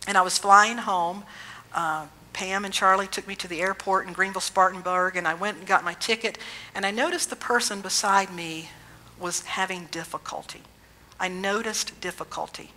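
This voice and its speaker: A woman minister giving a sermon in a gentle, reflective storytelling way, slowing down for emphasis. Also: medium pitch, poor audio.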